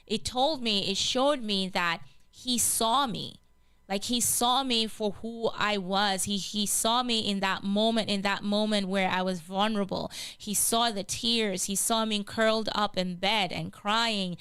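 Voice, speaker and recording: An earnest woman hosting a gospel show, telling a personal faith testimony with many restarts. Her voice is very clear and smooth, recorded close and dry with no room sound. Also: medium pitch, a bit bright, no echo. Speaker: gospel radio show host. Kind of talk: personal testimony, casual spoken.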